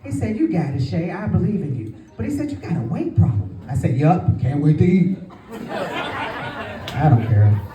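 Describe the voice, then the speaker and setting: A woman's voice: lowish voice, wildly swooping pitch, moderate pace, dark tone. Brash woman doing stand-up, far from the mic, faint crowd behind. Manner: brash crowd work, calling out to the audience. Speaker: stand-up comedian. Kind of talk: live stand-up comedy set. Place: comedy club stage with a live audience. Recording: roomy live sound, distant from the mic. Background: faint audience crowd.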